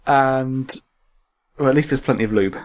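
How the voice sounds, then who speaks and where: A man's voice: medium pitch, normal speed. A man, running a comedic tabletop game as game master. He giggles often and stumbles over repeated words. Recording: slightly muffled lo-fi audio.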